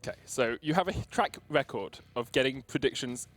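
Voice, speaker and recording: A man's voice: mid-range voice, animated, brisk, a bit bright. A young man hosting an esports broadcast desk, chatty and jokey, tossing questions to his co-hosts. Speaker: esports caster and desk host. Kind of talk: casual analysis chat on a live esports stream.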